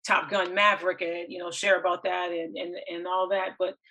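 Impassioned woman podcast host, bright voice. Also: on the low side, little pitch movement, low-quality recording. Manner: earnest, impassioned, halting with repeated restarts. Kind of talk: emotional solo commentary.

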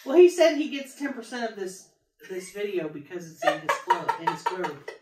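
A woman's voice: fairly low pitch, sing-song, moderate pace, a little mellow, reverberant, distant mic. A woman co-hosting a podcast in casual chat, making dry wisecracks. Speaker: podcast co-host.

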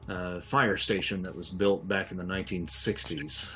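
A man's voice: low voice, fairly even intonation, moderate pace, pushed and bright. A man narrating a tabletop game as game master, rambling and hesitant. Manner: rambling, hesitant with many fillers.

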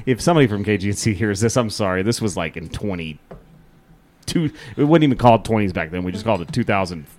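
A man's voice: fairly low pitch, fast talker, a little hiss or hum. A man co-hosting a casual podcast, telling a story with lots of swearing, laughter and acted-out quotes. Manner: animated, acts out quotes, swears, laughs often. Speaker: podcast co-host.

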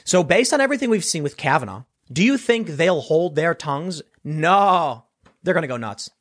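A man's voice: on the high side, sing-song, moderate pace, fairly bright tone. A man hosting a political commentary show, talking casually and sarcastically, reading news stories aloud and mocking people in quoted voices.

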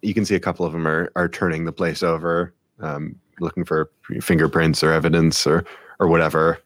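A man's voice: sits low, flat delivery, a little fast, dry recording. A man narrating a tabletop game as game master, in a loose style with lots of fillers.

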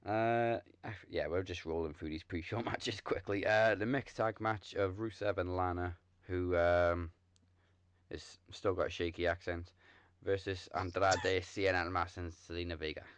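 A man hosting a casual podcast chat, relaxed and rambling, laughing often. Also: low voice, moderate pace, clean tone, no room sound. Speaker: podcast host. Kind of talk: casual chat, wrestling predictions.

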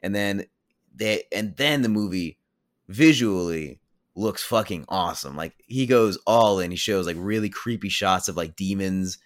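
A man's voice: deep voice, unhurried, dry recording, clean studio sound. A man reviewing a film on a podcast, retelling the plot in a rambling, casual way with lots of "like" and blunt, offhand opinions. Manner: rambling, heavy use of "like". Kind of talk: casual spoiler recap.

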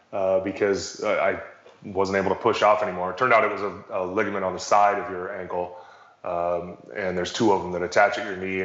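A man's voice: deep voice, fairly bright tone. A middle-aged man, a former pro athlete, chatting casually on a podcast. He rambles, corrects himself and drops wry jokes as he tells a long story. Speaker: former pro basketball player as guest. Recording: roomy, slightly dull sound.

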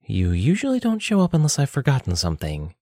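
A man voicing a sharp-tongued, sarcastic young woman who leads an adventurers' guild. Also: mid-range voice, huge pitch swings, quick pace, no echo, studio quality, voice pushed up. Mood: wry. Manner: sarcastic, blunt.

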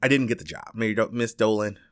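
He talks fast: a Chicago man who teaches, spinning a personal yarn in loose, lively conversation riddled with fillers, restarts and swearing. When quoting people he swings his pitch wildly. Studio quality with no echo.

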